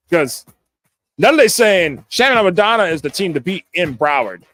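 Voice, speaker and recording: Speaking at a moderate pace, an excitable man hosts a live sports talk stream, his voice a touch higher than typical for a man. He often laughs, stumbles and repeats words, and replies to his viewers. There's no room sound.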